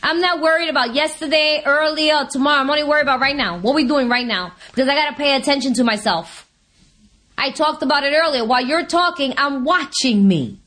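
A woman giving a personal testimony at a recovery meeting, telling stories in an animated way and acting out her own lines. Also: high voice, brisk. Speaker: speaker sharing at a recovery meeting.

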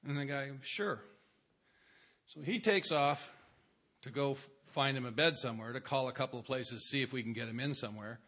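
A man's voice: medium pitch, fairly quick, fairly bright tone. A man speaking at a recovery meeting, telling a personal story in a wry, self-mocking way.

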